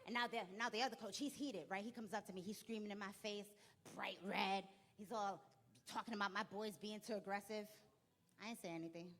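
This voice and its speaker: A young woman telling an animated stand-up story on a comedy club stage, acting out people in quick bursts. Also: mid-range voice.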